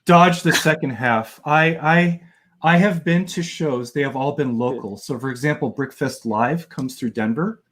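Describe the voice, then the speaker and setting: A man's voice: a little high, a little slow, a bit bright. A man, a guest LEGO builder, chatting politely and easily on a live stream. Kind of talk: casual live-stream chat.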